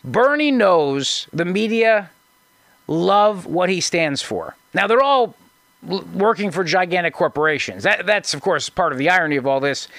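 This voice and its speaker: Male radio host, fairly high voice, dry booth sound, sarcastic commentary with frequent restarts. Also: expressive, moderate pace, fairly bright tone, dry recording. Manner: sarcastic, mocking, restarts often. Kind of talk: conservative talk radio commentary.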